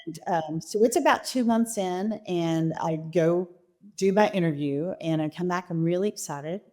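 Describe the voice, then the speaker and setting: A middle-aged woman, a company chief, telling animated stories about her career in an interview. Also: lowish voice, moderate pace. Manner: animated anecdotes, quoting her father. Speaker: guest, company CEO. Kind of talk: interview storytelling.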